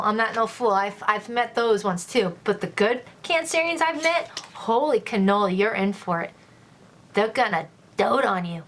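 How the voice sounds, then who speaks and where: A woman giving a casual tarot love reading to her viewers, gushing and exclaiming with excitement as she turns the cards. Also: medium pitch, a little hiss or hum. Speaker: tarot reader.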